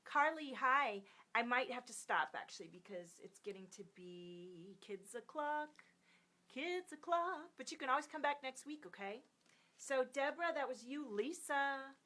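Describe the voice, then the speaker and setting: A woman in her thirties hosting a live stream of card readings. She chats warmly with viewers, sings out their names and drops into soft near-whispers. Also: high-pitched, expressive, moderate pace.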